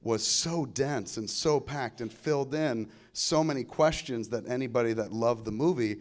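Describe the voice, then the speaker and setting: A man's voice: mid-range voice, moderate pace. A man hosting a casual fan chat, enthusiastic and swearing freely.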